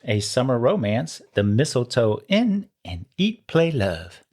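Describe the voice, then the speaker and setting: A man's voice: mid-range voice, very animated, measured pace, a little mellow. A man co-hosting a podcast in casual chat, easygoing and agreeable while reading credits. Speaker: podcast co-host.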